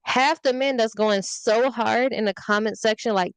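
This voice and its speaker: A woman's voice: medium pitch, moderate pace, few pauses, clean tone, no echo. A young woman, chatting candidly on a podcast about dating and trolls, telling stories with swearing and sass. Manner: petty, candid, animated storytelling with swearing. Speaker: podcast guest, social media influencer. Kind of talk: casual podcast chat.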